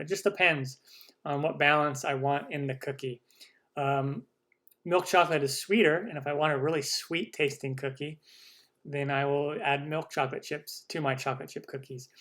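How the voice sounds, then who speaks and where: A man's voice: a little high, fairly bright tone. A man hosting a live cooking stream, chatty and enthusiastic as he reads out and answers viewer questions. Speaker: cooking channel host.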